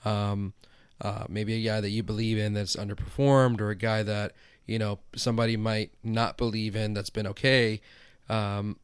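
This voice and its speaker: A man co-hosting a podcast, giving quick, chatty advice full of fillers. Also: on the low side, little pitch movement, smooth, dry recording, clean studio sound. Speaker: podcast co-host. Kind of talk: casual fantasy football chat.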